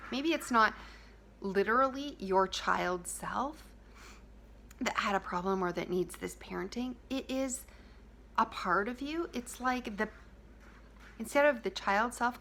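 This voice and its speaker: A woman giving a heartfelt self-help talk to her viewers, speaking softly and intimately, dropping at times to a whisper and repeating key phrases. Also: on the high side, a little hiss or hum.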